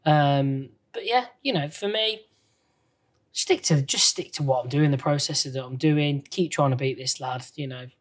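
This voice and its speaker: A man, a professional golfer, reflecting in a relaxed podcast chat, leaning often on "you know". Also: on the high side, moderate pace. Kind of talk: casual chat.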